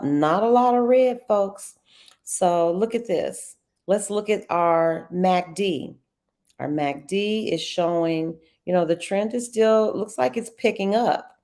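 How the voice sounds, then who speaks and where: A middle-aged woman, hosting a casual live trading walkthrough, chatty and quick to laugh. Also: fairly low pitch, darkish tone. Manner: chatty, laughs often, addresses viewers as y'all.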